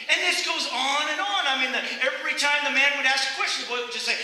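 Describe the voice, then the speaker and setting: Lively male pastor, bright ringing voice, echoey sanctuary with a faint hiss. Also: very high-pitched, quick pace, hardly any pauses. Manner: animated, conversational preaching with rhetorical questions. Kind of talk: sermon. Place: church sanctuary.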